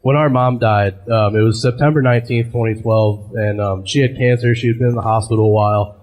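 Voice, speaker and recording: A man doing a stand-up set on a club stage, telling dark family stories in an offhand, deadpan way full of fillers. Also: on the low side, a little fast. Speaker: stand-up comedian. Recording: live club with loud crowd laughter. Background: audience laughing.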